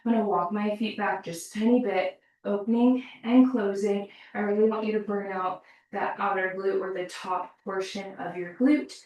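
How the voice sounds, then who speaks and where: This pilates teacher speaks at medium pitch with a darkish tone and fairly even intonation, keeping a moderate pace with few pauses. She's winded, counting down reps and offering encouragement, while a distant laptop records her in an echoey space.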